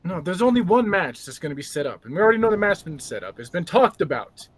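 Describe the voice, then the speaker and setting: A man's voice: sits high, sing-song, fast, husky, no room sound. A man hosting a judging panel in casual chat, upbeat as he announces totals.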